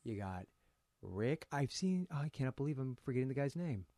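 A man's voice: mid-range voice, very animated, dark tone, no echo, clean studio sound. A man co-hosting a podcast, teasing his co-host and laughing often in casual banter. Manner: joking, teasing, quick to laugh.

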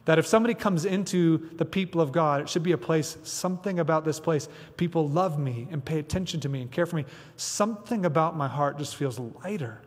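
A man's voice: on the high side, fairly quick, few pauses, in a large hall. A man preaching a sermon as pastor, chatty and conversational with frequent asides. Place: church sanctuary.

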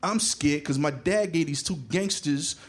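Profane New stand-up storyteller. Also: male voice, fairly high pitch, measured pace, breathy edge. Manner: animated, profane, punchy delivery. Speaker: stand-up comedian.

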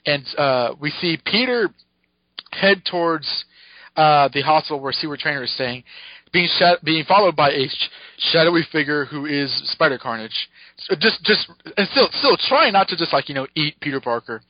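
A man co-hosting a podcast, recapping a comic in casual chat, excited, laughing often and acting out the characters' lines. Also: a little high, normal speed, no echo. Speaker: podcast co-host. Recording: dull lo-fi podcast mic.

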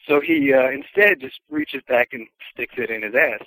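A man casually telling a long anecdote, chatty and relaxed, acting out the voices of the people in it. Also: medium pitch, normal speed, creaky, dry recording, poor audio. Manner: relaxed, chatty, acts out quoted voices, chuckles. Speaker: storyteller. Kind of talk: casual podcast storytelling.

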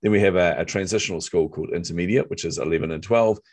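A middle-aged man with a New Zealand accent, telling a personal story in a lively, self-deprecating way during a conversation. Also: low-pitched, fast, dry recording. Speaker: author and marketer, guest.

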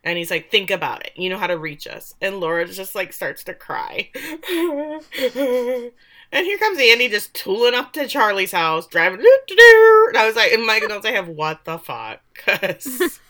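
Bright-voiced sarcastic woman recapping a show. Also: mid-range voice, a little fast. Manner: animated, sarcastic, swears casually. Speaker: podcast co-host recapping a TV show. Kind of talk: casual chat.

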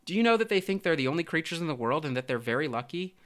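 A man's voice: on the high side, sing-song, very fast, fairly bright tone, pitched above the performer's own voice. A man voicing a large sly crab who coaxes and wheedles.

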